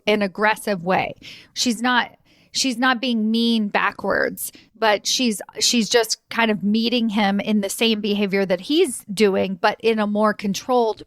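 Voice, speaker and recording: A woman hosts a solo podcast as a career coach, chatty and emphatic, laughing and often asking "right?" She acts out quoted voices with jumps in pitch. Her tone is fairly bright, recorded studio-quality with no echo.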